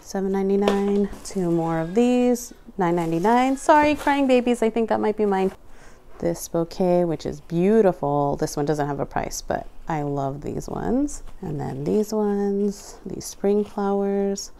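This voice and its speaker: A woman's voice: medium pitch, a little slow, vocal fry, mellow. A young adult woman casually narrating an unboxing at home, reading out prices item by item with chatty asides. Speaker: vlogger unboxing a craft store grab bag.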